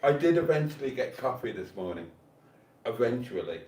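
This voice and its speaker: A man's voice: mid-range voice, expressive, normal speed, darkish tone. A man hosting a casual live stream at home, chatting and reading out messages. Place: home in Spain. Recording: roomy with faint noise.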